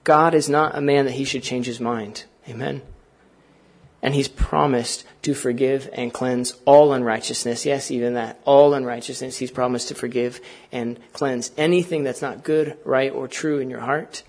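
A man preaching from the pulpit with a slightly husky, breathy voice and a middling pitch. He talks in an earnest, conversational way, often turning to the congregation with questions and casual asides. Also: fairly even intonation, moderate pace. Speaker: pastor. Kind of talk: sermon.

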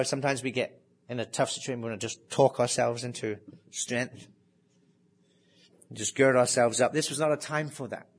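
A man delivering a sermon in a slightly high voice. He talks in an animated way, asks his listeners rhetorical questions, and sinks to a near hush to stress key words. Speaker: preacher.

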